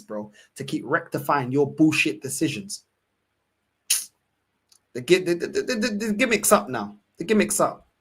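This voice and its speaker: A man's voice: fairly high pitch, breathy edge. A man hosting a fan live stream, ranting furiously and swearing over and over. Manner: furious, swearing, repetitive outbursts. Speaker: fan channel host. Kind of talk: angry live-stream rant.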